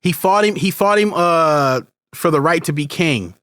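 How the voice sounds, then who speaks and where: A man's voice: on the high side, expressive, moderate pace, fairly bright tone, no echo, studio quality. A man co-hosting a podcast, chatting casually as a parent and wandering off on tangents. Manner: rambling, many restarts and tangents. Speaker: podcast co-host. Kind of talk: casual conversational podcast chat.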